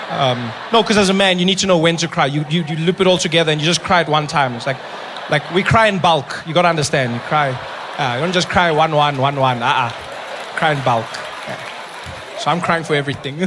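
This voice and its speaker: A male stand-up comedian, telling animated stories and acting out voices. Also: fairly high pitch, brisk, noisy background. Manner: animated, acts out characters, shouts at punchlines. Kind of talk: stand-up storytelling. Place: live comedy venue with audience.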